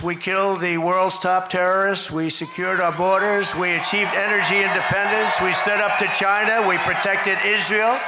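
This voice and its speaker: Older man shouting a rally speech, echoey. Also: sits high, noisy background. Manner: boastful, repetitive, shouting out punchlines. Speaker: political candidate at a rally. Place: outdoor rally stage.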